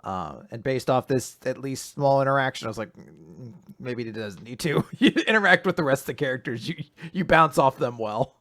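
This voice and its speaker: A man co-hosting a podcast, giving relaxed, thoughtful opinions in casual chat. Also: mid-range voice, brisk, hardly any pauses, no echo, clean studio sound. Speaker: podcast co-host. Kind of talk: casual chat about manga.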